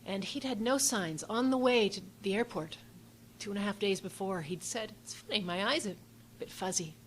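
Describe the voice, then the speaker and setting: A middle-aged woman from Canada telling a personal story, expressive and swinging between hushed and excited tones. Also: medium pitch, normal speed, a little hiss or hum, poor audio.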